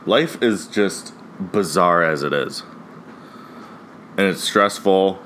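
Low and animated but unhurried, this fairly bright male voice belongs to a solo podcaster in his mid-twenties from Ohio, USA. He meanders through his talk with plenty of "like" and "dude," cursing and laughing often, over a faint hiss or hum.

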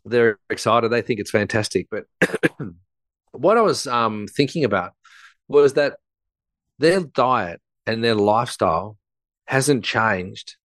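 A man in his fifties, a guest expert on a podcast, easygoing and quick to laugh as he explains through anecdotes. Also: medium pitch, animated, fairly bright tone, no echo. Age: 50s. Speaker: gut health expert guest. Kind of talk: casual conversational interview.

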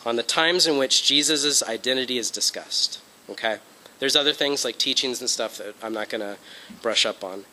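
A young man who teaches Bible study gives an informal lesson, working through his notes with fillers and "okay?" check-ins. His voice is medium-pitched with a sharp tone, and the recording is rough.

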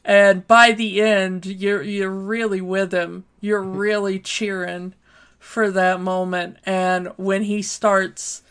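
A woman's voice: mid-range voice, little pitch movement, slow pace, hardly any pauses, a bit bright, clean tone. A woman co-hosting a casual chat, speaking hesitantly with many fillers. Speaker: podcast co-host. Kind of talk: casual film discussion.

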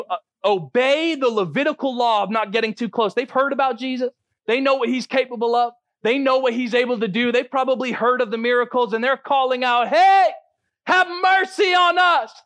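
A man's voice: sits high, a bit bright, dry recording. A man preaching a sermon as a pastor, earnest and teaching, often restarting his sentences.

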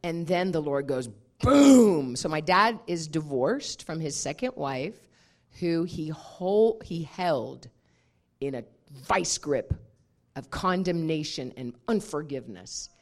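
A woman minister preaching a sermon, telling a personal story in an animated way and laughing often. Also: low-pitched, takes it slowly.

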